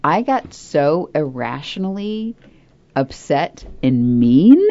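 A woman's voice: low voice, big pitch swings, takes it slowly, warm tone, dull audio. A middle-aged woman co-hosting a casual chat, telling candid, self-mocking stories about herself. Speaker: podcast co-host.

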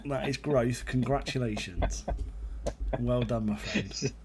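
A podcast co-host with an average-pitched voice delivers dry, deadpan jokes. He sounds a little tired. A faint hiss sits under his voice. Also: slow. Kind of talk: casual banter.

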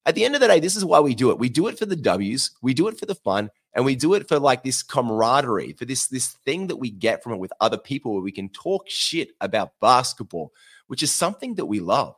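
Young aussie bloke hosting a fantasy hoops show, voice bouncing up and down, casual and slangy. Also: male voice, mid-range voice, fast talker. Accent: Australian. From Australia. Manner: chatty, animated, slangy, coaching tone. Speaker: fantasy basketball podcast host. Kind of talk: casual advice talk.

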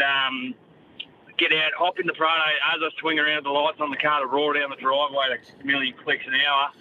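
An Australian man tells a story in a voice message, his tone sharp and very bright. The recording sounds dull and lo-fi, with a faint hiss behind him. He swears freely and talks bluntly. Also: fairly high pitch. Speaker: caller.

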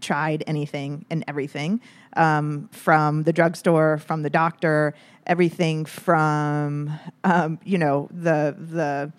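A woman's voice: deep voice, level tone, takes it slowly. A woman who founded a skincare brand, talking as an interview guest in a hotel room, enthusiastic and often searching for words. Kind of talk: interview conversation.

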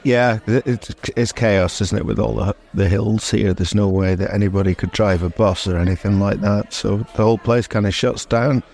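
A man's voice: on the low side, fairly even intonation, normal speed, gravelly, hardly any pauses, darkish tone. A man co-hosting a comedy podcast, rambling and swearing cheerfully in casual chat. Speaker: podcast co-host.

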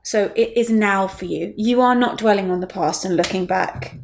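A woman in her thirties, talking candidly and bluntly in a casual chat, swearing freely and rising in pitch as she heats up. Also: normal speed, vocal fry, a little hiss or hum. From England.

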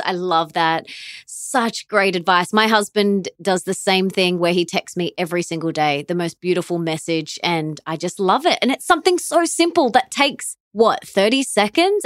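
A woman's voice: lowish voice, lively intonation, a little slow, dry recording, clean studio sound. A woman hosting a podcast interview, effusive and affirming toward her guest. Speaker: podcast host.

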